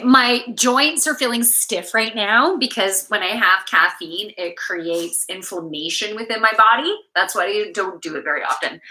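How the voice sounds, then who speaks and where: On a home live stream, a Toronto-based Canadian yoga teacher talks openly and informally in a mid-range voice that sounds pushed and bright. Her frequent laughter and free swearing come through a low-quality recording.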